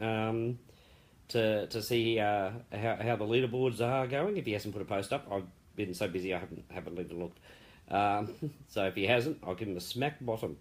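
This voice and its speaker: Chatty man giving a live-stream update. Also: on the low side. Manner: chatty, rambling and warmly praising. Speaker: founder of an online investment group.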